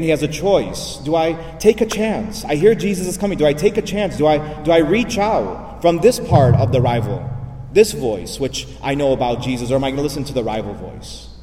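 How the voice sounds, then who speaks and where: A man's voice: medium pitch, mellow, far from the mic, slight background noise. A man, a priest, preaching a sermon, repeating phrases and asking rhetorical questions. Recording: echoey hall, voice from afar.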